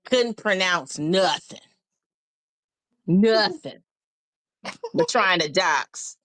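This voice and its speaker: A woman's voice: on the low side, expressive, normal speed, a bit bright, no room sound. A woman chiming in on a live talk show, blunt and openly mocking.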